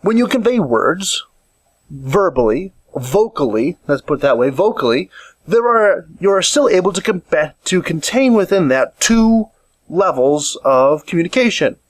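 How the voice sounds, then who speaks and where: A man's voice: sits high, very animated, a little slow, dry recording. A man talking alone into a mic at home, rambling and restarting often while he gestures as he speaks. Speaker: podcast host. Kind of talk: casual solo monologue. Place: home room, seated in chair. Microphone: condenser with improvised pop filter.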